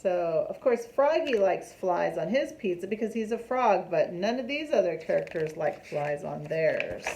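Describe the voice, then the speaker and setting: A woman reading a picture book aloud to children in an animated way, stopping to ask them questions. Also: mid-range voice, creaky, poor audio.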